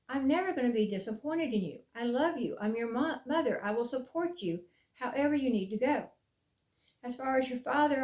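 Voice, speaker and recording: Middle-aged lady coach giving a pep talk, kinda high voice, slows way down to hit the big points. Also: a little mellow. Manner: earnest, emphatic, with slow deliberate stresses. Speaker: mindfulness coach. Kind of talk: motivational talk to camera.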